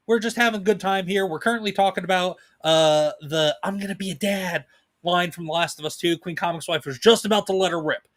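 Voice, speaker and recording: Upbeat man with a high voice, hosting a casual livestream chat and greeting viewers. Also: a bit bright. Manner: upbeat, thanks viewers and laughs often. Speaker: livestream co-host.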